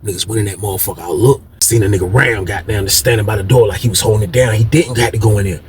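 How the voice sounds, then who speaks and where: A young man casually telling a story to his viewers, animated and slangy with heavy cursing. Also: on the low side, fast, slight background noise. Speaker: storyteller host of a video channel.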